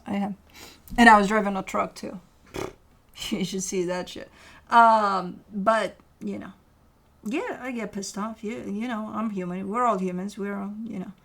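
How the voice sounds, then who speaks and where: A woman's voice: medium pitch, fairly even intonation, a little slow, creaky, fairly bright tone. A woman giving a casual tarot reading, speaking candidly and directly to the viewer, swearing freely and arguing with imagined objections. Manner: argues with imagined objections to make a point. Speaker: tarot reader.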